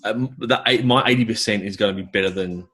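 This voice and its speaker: Husky, low-voiced man telling stories. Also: quick pace. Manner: animated storyteller, mimics voices. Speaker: gigging drummer. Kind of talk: casual chat.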